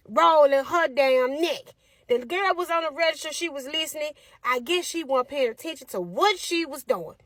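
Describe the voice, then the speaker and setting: Animated woman telling a funny story. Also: high-pitched, normal speed, no echo, clean studio sound. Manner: animated, sassy, exasperated. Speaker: comedic storyteller. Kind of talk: comic storytelling.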